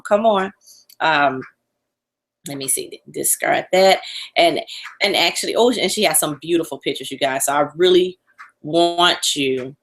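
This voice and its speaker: A woman's voice: on the low side, fairly bright tone. A woman hosting a live online webinar, gushing and repetitive as she talks straight to her audience before introducing a guest. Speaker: webinar host.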